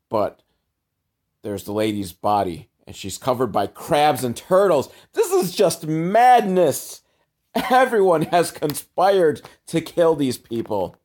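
A man sarcastically recapping a film scene by scene, his voice sitting at an ordinary middle pitch. He drops deadpan asides and chuckles, and swears casually. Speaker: show host recapping a film. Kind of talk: sarcastic comedic movie recap.

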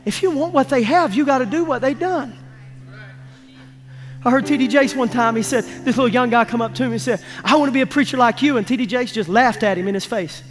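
Very high-voiced man preaching in a hall. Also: brisk, soft background music. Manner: emphatic, folksy, calls for congregation responses. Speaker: pastor. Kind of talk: sermon. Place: church sanctuary. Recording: long reverb of a large church hall.

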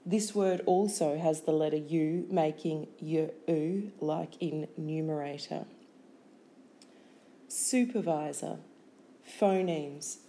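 A woman's voice: low voice, takes it slowly, dark tone, a little hiss or hum. A woman teaching a spelling lesson, carefully sounding out words one by one. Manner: careful, clearly enunciated, breaking words into sounds and syllables. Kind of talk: slow, deliberate spelling lesson.

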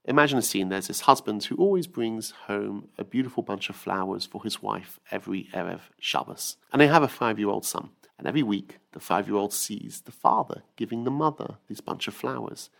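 A man's voice: fairly low pitch, expressive, brisk, vocal fry, hardly any pauses, a bit bright. A man giving an earnest weekly Torah talk who tells stories and acts out the quotes. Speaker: rabbi teacher.

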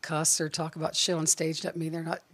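Appalachian woman comic, husky and a bit low, relaxed podcast chat, dry close mic. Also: brisk, dry recording. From Southern Ohio. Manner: laid-back, laughing, slight twang. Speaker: comedian guest.

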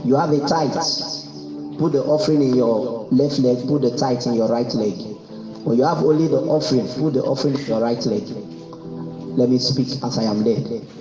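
A man's voice: medium pitch, normal speed. A man pastor leading prayer at a service, fervent and repetitive, giving commands in prayer. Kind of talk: sermon and prayer at a live service. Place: church service, speaking online too. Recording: muffled, roomy recording with music behind.

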